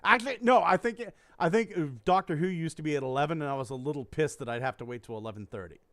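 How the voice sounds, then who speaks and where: A man's voice: a little high, quick pace, fairly bright tone, dry recording. A man hosting a podcast, rambling through a story with lots of swearing and acted-out quotes. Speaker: podcast host. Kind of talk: casual chat.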